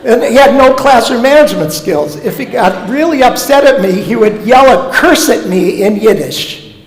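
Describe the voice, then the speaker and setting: A man's voice: extremely high pitch, moderate pace, a little hiss or hum. A man from Omaha speaking as a guest speaker in a synagogue, telling comic stories with punchlines in a sermon-style talk. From Omaha, United States. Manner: animated, comic storytelling with punchlines. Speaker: guest speaker, professor of Jewish education. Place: synagogue sanctuary. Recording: echoey hall with long reverb.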